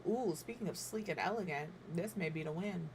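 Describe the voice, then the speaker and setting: A woman's voice: on the low side, fairly quick, noisy background. A woman in her thirties chatting casually while she builds, thinking aloud and joking at her own expense, sometimes with her mouth full. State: talking while eating. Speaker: game builder streamer.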